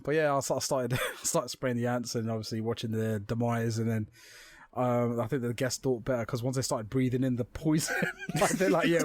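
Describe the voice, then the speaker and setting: Young male podcast co-host, fast and lively storyteller, close dry mic. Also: mid-range voice, no room sound. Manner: swearing, animated storytelling with acted-out quotes. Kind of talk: casual chat.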